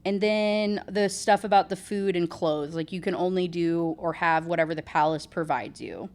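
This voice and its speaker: A woman's voice: fairly low pitch, moderate pace, darkish tone. A woman recapping a novel in a casual, rambling chat with sarcastic asides, saying "like" a lot. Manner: chatty, rambling, full of "like". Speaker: book reviewer.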